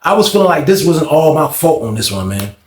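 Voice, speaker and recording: A young man casually telling a story in slang, animated and acting out the voices of others. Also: fairly high pitch, a little fast, echoey room, slight background noise.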